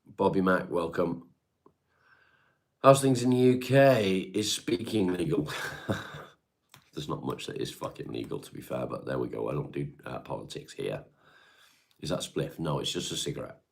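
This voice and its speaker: Gravelly and bass-voiced, a middle-aged Englishman with a Devon accent sounds animated at a moderate pace. He's reading chat on a livestream from his home, bluntly and casually answering viewers and swearing freely.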